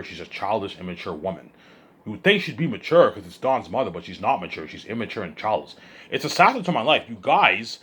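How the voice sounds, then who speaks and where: Husky low-voiced tired man rambling. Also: fairly bright tone. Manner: repetitive, stumbling restarts, swearing. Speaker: vlogger. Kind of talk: rambling monologue to viewers.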